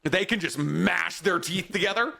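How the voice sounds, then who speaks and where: A man's voice: high-pitched, moderate pace, vocal fry, pushed and bright. A man co-hosting a casual podcast, joking and swearing freely as he chats. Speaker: podcast co-host.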